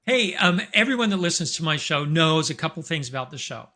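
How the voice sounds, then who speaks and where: A man's voice: on the high side, very animated, a little fast, bright, forceful tone. Upbeat male podcast host. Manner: upbeat, playful, talkative. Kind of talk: casual podcast hosting.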